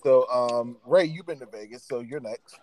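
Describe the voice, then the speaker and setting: A man's voice: mid-range voice, normal speed, a little hiss or hum, poor audio. A man hosting a podcast, telling stories in casual chat and laughing often. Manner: animated storyteller, laughs often. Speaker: podcast host.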